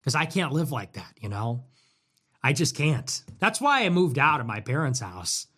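A man's voice: mid-range voice, sing-song, moderate pace, sharp tone, breathy edge. A young man hosting a podcast, talking in a casual, profane and ironic ramble about his life. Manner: profane, ironic and rambling, with mock voices for quoted people. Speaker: podcast host.

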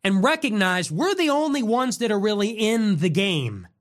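A man's voice: high-pitched, sing-song, normal speed. A man hosting a political show, delivering an angry, combative monologue.

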